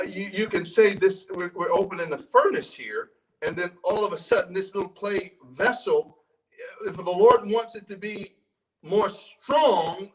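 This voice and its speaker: A high-voiced man preaches in a church, sounding a little distant from the microphone. He talks in a conversational way, restarting phrases and repeating words, and often asks the congregation questions. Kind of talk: sermon with scripture reading.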